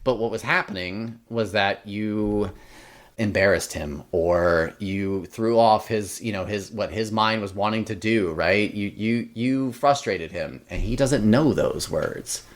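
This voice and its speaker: A man's voice: lowish voice, a little slow. A young adult man, a podcast guest, chatting casually, rambling with many fillers and restarts and acting out quotes from his family. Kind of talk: casual interview chat.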